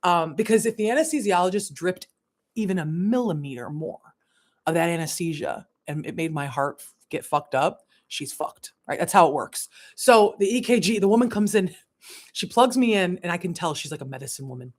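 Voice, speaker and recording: A woman spiritual coach tells a story on a casual livestream. Her voice sits a little low, but she jumps way up for the dramatic bits, curses freely and laughs as she goes. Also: fairly quick. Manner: animated, swearing, laughing through the story.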